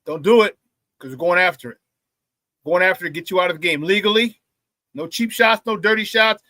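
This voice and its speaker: A man hosting a live morning sports talk show, loud and playful, hyping up his audience with shout-outs. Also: high voice, fairly quick, no echo.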